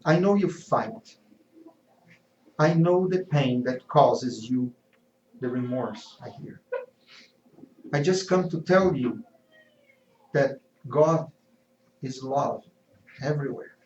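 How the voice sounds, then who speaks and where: A serene, tender mother figure speaks soothing words of comfort, read by a man. The delivery is slow and gentle. The sound is roomy and slightly muffled. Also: mid-range voice, animated, a little hiss or hum. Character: serene, tender motherly woman consoling a son. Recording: echoey, slightly dull hall recording.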